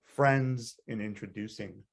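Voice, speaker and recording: A man's voice: fairly low pitch, takes it slowly, gravelly. A man co-hosting a casual chat show, rambling and teasing, swearing freely. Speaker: podcast co-host.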